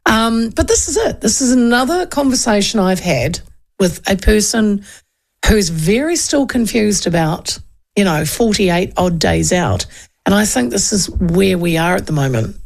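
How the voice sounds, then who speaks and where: Chatty New Zealand woman in her fifties with a gravelly voice. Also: mid-range voice, lively intonation, unhurried. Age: 50s. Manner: chatty, digressive, with frequent fillers and laughs. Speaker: talk radio host. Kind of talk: casual political commentary.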